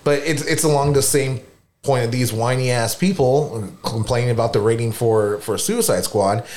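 A man's voice: medium pitch, moderate pace, a little mellow. A man co-hosting a casual podcast, telling rambling stories with swearing and acted-out dialogue. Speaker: podcast co-host. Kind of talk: casual storytelling chat.

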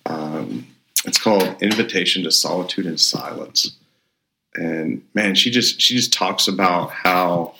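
A very low-voiced man with a bright, forceful edge, chatting casually as a pastor and podcast co-host. He rambles upbeat, restarting his sentences often. The room around him rings with echo. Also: vocal fry. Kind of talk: casual chat. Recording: roomy echo.

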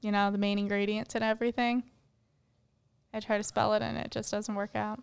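A woman's voice: mid-range voice, flat delivery, a little fast, creaky, clean tone. A woman co-hosting a podcast in casual chat, laughing often and filling her talk with "like". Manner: giggly, lots of "like" fillers. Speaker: podcast co-host.

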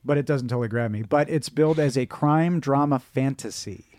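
A man's voice: medium pitch, brisk, darkish tone, no echo. A Midwestern American man in his forties co-hosting a casual podcast, rambling and self-deprecating with lots of restarts. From Michigan, United States. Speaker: podcast co-host. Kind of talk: casual chat.

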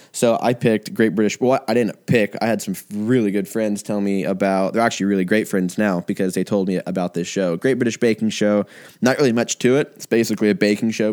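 Profane rambling guy in his twenties. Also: on the low side. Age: 20s. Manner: profane, rambling, animated impressions. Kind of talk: casual chat.

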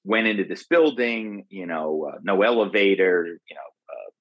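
A middle-aged man recounts old stories as an interview guest, his voice low and husky. He rambles along, doubling back with fillers and restarts. The sound is dry and close, with no room around it. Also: animated, moderate pace, no room sound, dull audio. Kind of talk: conversational storytelling.

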